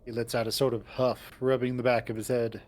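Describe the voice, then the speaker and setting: A man's voice: mid-range voice, level tone, fairly quick, a little mellow. A man narrating a visual novel in the first person and voicing its lead, in a wry storytelling manner.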